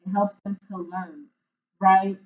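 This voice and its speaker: A woman's voice: mid-range voice, little pitch movement, slow. A woman giving a spoken tarot reading, earnest and emotional, often searching for words and tagging lines with "right?" and "like". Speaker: intuitive tarot reader. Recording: phone-like narrow sound.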